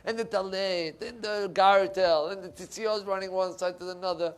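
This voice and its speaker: A middle-aged male rabbi preaching a sermon in a synagogue, animated and emphatic, swinging from loud to soft. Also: sits high, normal speed, clear, resonant tone.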